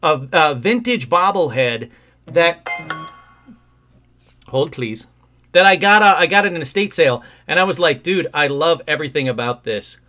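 A man hosting a casual call-in livestream from home, rambling and excitable with sudden outbursts. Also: on the high side, a little fast, faint music behind. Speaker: host of a call-in livestream show. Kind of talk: casual live-stream chat.

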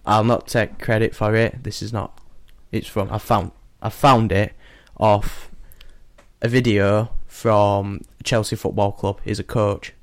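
A man's voice: on the low side, flat delivery, a little slow, no room sound. A young man, co-hosting a casual podcast chat and laughing often. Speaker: podcast co-host.

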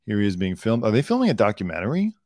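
A man's voice: lowish voice, huge pitch swings, racing, darkish tone, no room sound, studio quality. A man co-hosting a comedy news podcast, chatting casually and acting out quotes. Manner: jokey, acts out quotes in put-on voices. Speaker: podcast co-host.

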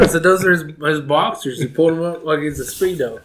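A man's voice: on the high side, lively intonation, quick pace, heavy background noise. A young man chatting casually, telling stories in a loose, rambling way and laughing often. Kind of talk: casual chat.

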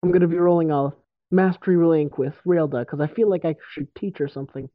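A man's voice: a little high, fairly even intonation, a little fast, no echo. A man playing in a casual tabletop game, offhand and dry in how he talks. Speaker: player. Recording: dry, tinny phone-like line.

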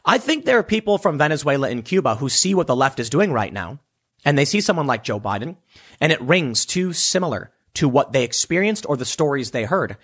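A man giving casual political commentary in an animated way, now and then mocking others with put-on voices. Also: medium pitch, fairly quick, breathy edge.

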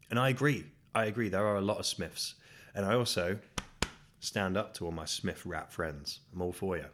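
A man hosting his own solo podcast into a microphone, talking in a rambling, self-deprecating way. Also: deep voice. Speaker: podcast host.

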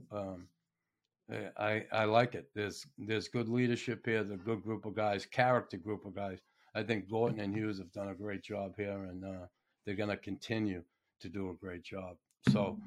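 A middle-aged man giving a casual, blunt hockey opinion monologue, folksy and swearing freely. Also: on the low side. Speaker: hockey commentator.

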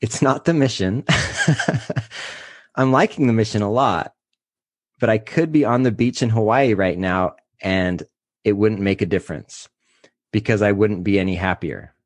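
A man in his thirties talking candidly and emotionally on a podcast, halting at times as he opens up. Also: lowish voice, no echo, studio quality. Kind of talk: casual podcast chat.

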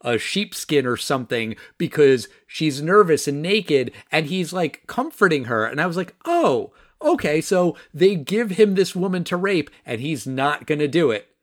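A man's voice: fairly high pitch, lively intonation, moderate pace, hardly any pauses. A man giving blunt opinions in a casual film discussion on a podcast. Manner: blunt, indignant.

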